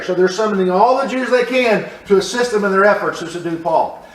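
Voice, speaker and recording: A high-voiced man leads a lively Bible class, often asking the group questions and repeating his points. He is recorded from across a roomy church hall with a clear echo. The mic sits well away from him. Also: fairly quick, far from the mic. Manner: animated, asks the class questions, repeats phrases. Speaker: Bible study teacher. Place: church room.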